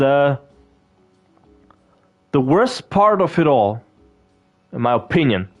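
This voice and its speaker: Rambling, profane man over game music. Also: medium pitch. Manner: rambling, profane, lots of fillers and restarts. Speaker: gaming video creator. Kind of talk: casual gameplay commentary.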